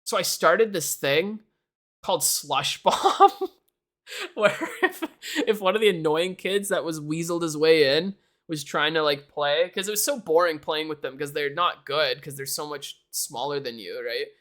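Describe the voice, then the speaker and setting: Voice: mid-range voice, animated, unhurried, fairly bright tone. Laughing, rambling streamer. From Canada. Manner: laughs often, swears casually, rambling asides. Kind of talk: casual chat to a live audience. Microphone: desk mic for a live stream.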